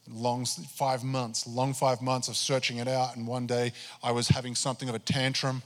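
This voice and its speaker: Man pastor, mid-pitched, animated sermon storyteller, church reverb. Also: brisk, hardly any pauses. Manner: animated storytelling, acting out his own prayers. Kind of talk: sermon testimony.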